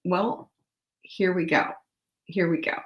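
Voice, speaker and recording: A woman hosts a live-stream show from a noticeably echoey room. Her voice sits a little low for a woman. She speaks earnestly and with emphasis, greets viewers by name, and often restarts her sentences with small laughs. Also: steady tone, slow. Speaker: show host.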